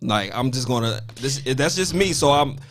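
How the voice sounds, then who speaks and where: A man who makes his points in a calm, matter-of-fact way on a casual talk show. His voice sits at an ordinary middle pitch. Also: moderate pace, slight background noise. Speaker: podcast co-host. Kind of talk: uncensored casual chat.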